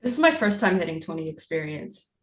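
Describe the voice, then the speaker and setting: A woman's voice: sits low, very animated, brisk. Casual woman player in a tabletop game.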